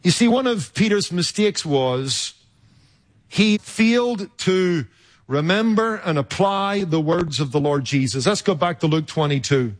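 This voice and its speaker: A man preaching a sermon in an emphatic, rhetorical way, with dramatic pauses and sudden jumps in loudness. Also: high-pitched, animated.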